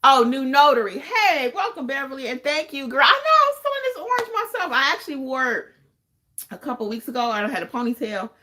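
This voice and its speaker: Her voice sits high, pushed and bright, with lively intonation and a slightly fast delivery. She hosts a livestream as a podcast host and notary trainer, fielding viewer questions and repeating points emphatically for effect.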